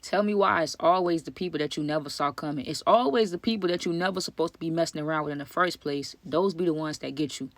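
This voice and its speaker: A woman rattles off a casual storytime vlog at a quick clip, animated and full of slang, talking straight to her viewers. Her voice sits at a middle pitch and sounds dry and close, with no room around it. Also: no echo.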